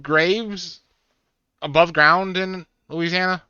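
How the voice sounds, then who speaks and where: A man co-hosting a podcast in casual chat, halting and restarting his sentences. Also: high-pitched, fairly even intonation, bright, forceful tone, clean tone, no room sound, lo-fi sound. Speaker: podcast co-host.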